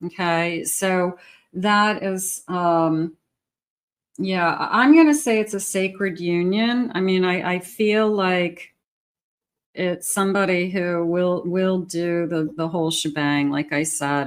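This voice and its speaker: A woman's voice: fairly low pitch, takes it slowly, clear, resonant tone. A woman reading tarot cards for her viewers in a casual, chatty way, often repeating herself and laughing lightly. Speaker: tarot reader.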